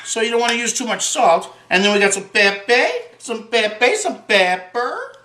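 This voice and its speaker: A man's voice: very high-pitched, animated, unhurried, background noise. A man hosting a home cooking demonstration, talking in a folksy, joking way and dropping Italian words. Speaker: cooking show host. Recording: echoey room with faint guitar music.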